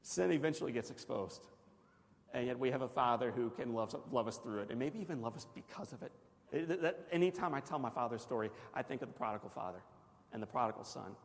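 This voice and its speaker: A man from Missouri giving a personal testimony as a Christian guest speaker, telling his story dramatically, swinging from loud excited bursts to hushed near-whispers and asking the audience questions. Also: mid-range voice, quick pace. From Missouri, USA. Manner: asks the audience direct questions. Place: large banquet hall. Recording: long hall reverb from a large room.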